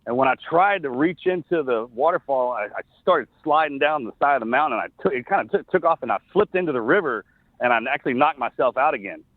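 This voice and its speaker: Speaking by phone as an interview guest, a middle-aged ex-soldier recounts a personal story, earnest and halting with frequent sentence restarts. His medium-pitched voice has lively intonation, and the tinny, thin call is dry with no room sound.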